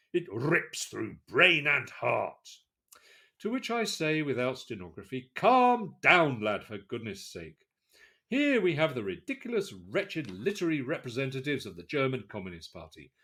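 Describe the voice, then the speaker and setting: A man's voice: medium pitch, fairly bright tone. A man reading aloud as a sardonic middle-aged novelist who scornfully mocks his critics. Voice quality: scornful, sarcastic delivery. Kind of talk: dramatic reading.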